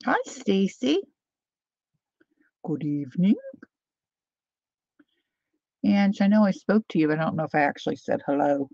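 A woman hosting a casual live chat with her viewers, talking them through things as she unpacks and sometimes dropping to a soft whisper. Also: sits low, quick pace, dry recording, lo-fi sound. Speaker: livestream host.

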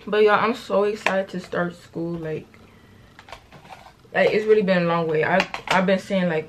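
Against a noisy background, a late-teen vlogger speaks in a lowish, fairly even voice at a moderate pace. She rambles through a slangy story while getting ready at home, correcting herself and calling out "y'all" to viewers again and again.

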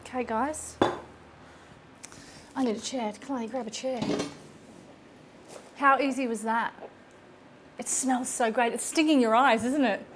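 A woman's voice: fairly high pitch, fairly even intonation, measured pace, long pauses, noisy background. A chatty woman hosting a casual cooking demonstration in her home kitchen, laughing often. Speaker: cooking show host.

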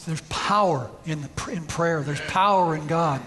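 A man's voice: on the high side, a little slow, fairly bright tone. A man preaching a sermon in a church, telling a story and rising to emphatic peaks. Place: church sanctuary.

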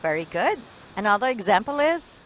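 A woman's voice: medium pitch, big pitch swings, moderate pace, fairly bright tone, slight background noise, rough recording. A woman teaching an English lesson over a video call, encouraging and correcting pronunciation.

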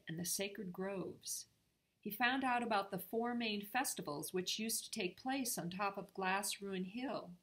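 An older grandmother reading a chapter book aloud to her grandchildren. She reads steadily and clearly. Her voice is bright and ringing. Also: medium pitch.

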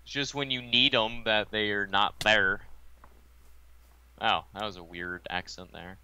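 A man's voice: fairly low pitch, steady tone, a little slow, pushed and bright, a little hiss or hum. A teenage boy chatting playfully while playing a game with a friend. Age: teens. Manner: playful, joking. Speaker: gamer. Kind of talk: casual gameplay chat.

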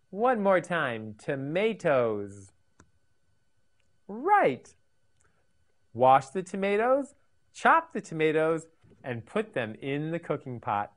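A woman teaching English words to children in a scripted lesson, repeating each word and asking the listener to say it again. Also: low voice. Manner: slow, sing-song, repeats words for learners.

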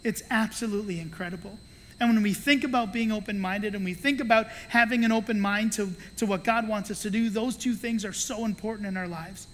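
Slight background noise accompanies a pastor preaching in a church sanctuary with a big-room sound. His mid-range voice moves briskly as this adult with children tells energetic stories, imitating the people in them and adding playful asides.

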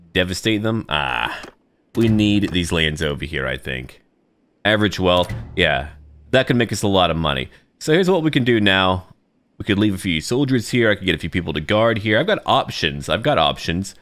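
A man's voice: low voice, fairly bright tone, a little hiss or hum. A man giving casual let's-play commentary, thinking aloud and talking to his troops as he plays. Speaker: gaming YouTuber.

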